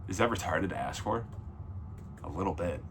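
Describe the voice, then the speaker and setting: A man's voice: deep voice, lively intonation, normal speed, vocal fry, slight background noise. A man giving a casual, blunt film review, rambling and correcting himself mid-sentence. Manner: blunt and opinionated. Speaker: movie reviewer.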